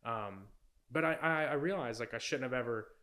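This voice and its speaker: A man's voice: medium pitch, moderate pace, sharp tone. A young man, a podcast guest, telling a personal story in a casual, rambling way, full of "like" and "you know".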